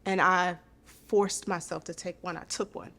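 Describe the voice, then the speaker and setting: A woman's voice: on the low side, steady tone, normal speed, sharp tone. A woman guest on a podcast, telling a hard personal story in an earnest, intimate way, often repeating her phrases.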